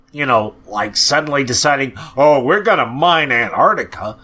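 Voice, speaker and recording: A man's voice: on the high side, fairly bright tone. A man hosting a podcast, ranting in an angry, profane way with frequent sighs, sounding depressed. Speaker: podcast host. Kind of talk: ranting monologue.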